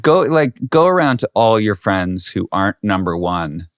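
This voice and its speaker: Low-voiced man, blunt on a podcast. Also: very animated, normal speed, clean tone, dry recording, studio quality. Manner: blunt, opinionated, telling stories. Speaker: podcast co-host. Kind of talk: casual chat.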